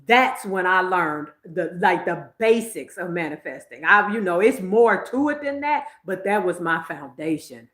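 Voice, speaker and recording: A woman's voice: on the low side, expressive, measured pace, hardly any pauses, fairly bright tone, reverberant. A woman, hosting a psychic livestream in casual, emphatic chat, laughing often. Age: 50s.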